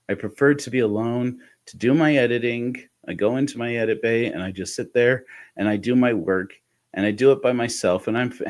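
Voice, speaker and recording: A man telling a reflective personal story in a candid, halting way, with restarts and soft laughs. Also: medium pitch. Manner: candid, intimate. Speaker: host of a personal podcast talk.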